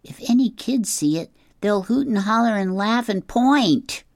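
A worried schoolboy frets in a higher voice, as a reader puts him on. He sounds anxious about being teased. The sound is dry and close. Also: lively intonation, unhurried, darkish tone, no echo. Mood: fretful. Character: schoolboy embarrassed by a lovey mosaic.

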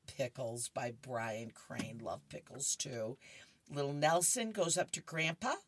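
Her voice is very deep and her pace measured, captured in a dry recording. A woman reads horoscopes and the funnies aloud in radio fashion, amused and chatty, dropping asides and laughing between strips.

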